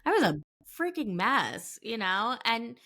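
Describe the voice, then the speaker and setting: A woman's voice: on the high side, sing-song, a little slow, bright, forceful tone. A middle-aged woman co-hosting a podcast, telling rambling stories with lots of asides in a casual chat. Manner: chatty storyteller, rambling with many asides. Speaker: podcast co-host.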